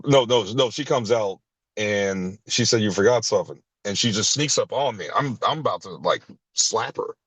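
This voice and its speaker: Guy sharing his story at a recovery meeting, kinda low voice, blunt and cussing, keeps restarting, dry close sound. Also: dry recording, low-quality recording. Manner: blunt and profane, with frequent restarts and short laughs; acts out others' lines with sharp jumps in pitch. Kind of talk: candid personal storytelling.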